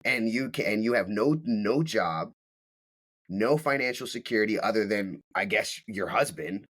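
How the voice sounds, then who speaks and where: A man's voice: lowish voice, moderate pace, fairly bright tone. Blunt, profane man telling a story. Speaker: podcast guest. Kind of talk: casual storytelling.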